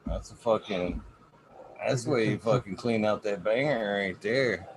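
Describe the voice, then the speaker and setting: A man's voice: fairly low pitch, a little slow, noisy background. Laid-back swearing man hosting a stream. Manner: laid-back, heavy swearing, narrating what he does. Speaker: livestream host. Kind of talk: casual livestream chat.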